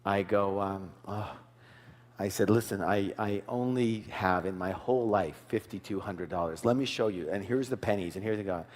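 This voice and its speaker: A middle-aged man giving a live motivational seminar, telling stories in an animated way, acting out the dialogue and asking the audience questions. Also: on the low side, moderate pace. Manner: animated storytelling, acts out dialogue, asks the audience. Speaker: seminar speaker. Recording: long hall reverb.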